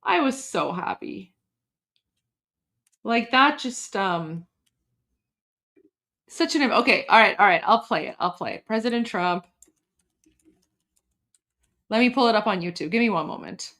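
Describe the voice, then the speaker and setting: A woman's voice: medium pitch, animated, unhurried, pauses often, a bit bright. A woman hosting a casual livestream, talking in an emotional, rambling way that breaks off and restarts often. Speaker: livestream host. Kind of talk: casual live-stream chat.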